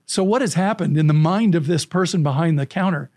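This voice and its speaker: A middle-aged man spinning animated anecdotes as a podcast guest. His voice sits a little higher than most men's, and he jumps into quoted lines and breaks into frequent laughs. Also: fairly quick. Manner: lively, acts out quotes, laughs often. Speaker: storytelling coach, podcast guest.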